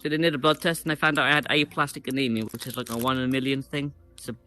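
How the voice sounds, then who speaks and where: A man in his twenties answering interview questions in a halting way, often saying basically. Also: medium pitch, steady tone, pushed and bright. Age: 20s. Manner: halting, says basically a lot. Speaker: guest.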